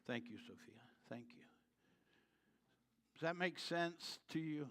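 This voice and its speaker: A man's voice: on the high side, lively intonation, slow pace, fairly bright tone. Man preaching a conversational sermon. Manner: conversational, rising to fervent emphasis. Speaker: pastor. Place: church sanctuary.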